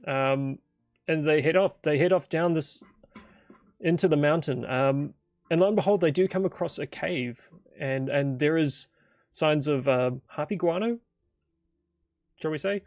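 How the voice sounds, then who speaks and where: A man's voice: fairly high pitch, unhurried, pauses often, darkish tone, no room sound, studio quality. A man narrating and thinking aloud through a solo tabletop game in a casual, rambling way full of fillers.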